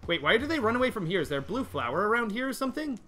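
Excitable high-voiced male game streamer. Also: racing, a little hiss or hum. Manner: excitable, yells in frustration when dying; reads and answers chat. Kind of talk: live gaming stream commentary.

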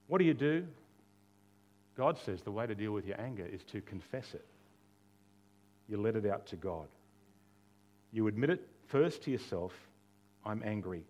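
A man's voice: lowish voice, darkish tone. A male pastor preaching a sermon in a conversational way, with rhetorical questions, touches of humor and quoted dialogue that he acts out.

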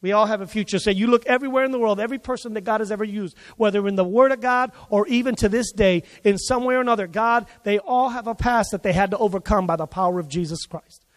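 Man, pastor, animated sermon storytelling, very high voice, long echo of a hall. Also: fast talker. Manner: animated, acts out quoted voices. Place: church service.

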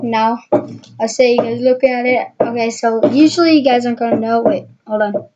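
A woman with a fairly high voice rambles through magic tricks in a casual, hesitant tutorial style. The recording sounds dull and lo-fi. A faint hiss runs underneath. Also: fairly even intonation, normal speed, darkish tone.

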